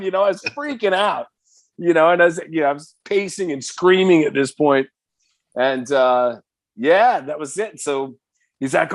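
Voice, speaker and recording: A man in his fifties from the Bay Area, a metal singer telling a story as a podcast guest, excitable, swearing freely and full of "you know". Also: on the high side, fairly quick, no echo, studio quality. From San Francisco Bay Area. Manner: animated, excitable, swears freely, heavy filler words. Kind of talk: casual storytelling in conversation.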